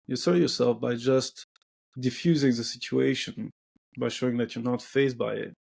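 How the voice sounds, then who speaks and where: A man's voice: mid-range voice, steady tone, normal speed, gravelly, a little mellow, husky. A man with a French accent hosting a podcast, talking bluntly and casually with plenty of swearing. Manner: blunt, swearing, acts out quotes in shifting voices. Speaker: podcast host.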